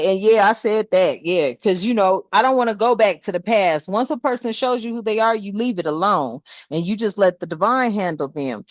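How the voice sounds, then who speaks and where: A woman's voice: medium pitch, dry recording. Blunt, salty older woman on a dull, dry mic. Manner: salty, blunt and preachy, full of swearing and asides to "family". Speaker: spiritual channel host. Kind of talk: casual spiritual vlog talk.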